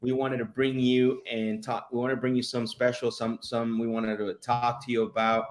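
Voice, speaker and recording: Man, live show host, energetic, casual chat, filler-heavy, mid-pitched voice. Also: normal speed. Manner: hyped, shouting shout-outs, many fillers.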